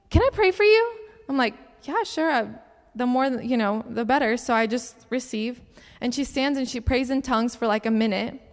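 A young woman with a slightly high voice tells personal testimonies like a sermon. She is chatty and animated and acts out each exchange in her stories. Her voice carries a long reverb, as if spoken in a big church hall. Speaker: camp counselor giving a testimony talk. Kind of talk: sermon-style testimony storytelling.

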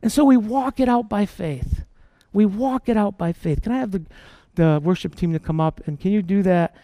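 Man, pastor, sermon, very high voice, passionate, repeats himself, close dry sound. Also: normal speed, mellow, no room sound. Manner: passionate, repetitive, calls out to the congregation.

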